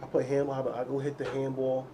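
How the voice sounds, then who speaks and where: A man in casual podcast chat, animated, acting out the voices of people in his stories. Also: medium pitch, fast talker, background noise. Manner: animated, acts out quoted voices.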